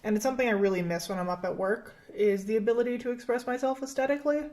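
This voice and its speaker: A young woman from Canada talks rapid-fire in a voice on the high side while doing her makeup at home. The beauty vlogger's get-ready-with-me chat is casual, self-deprecating, and loaded with "like." Soft music sits faintly behind the rough recording.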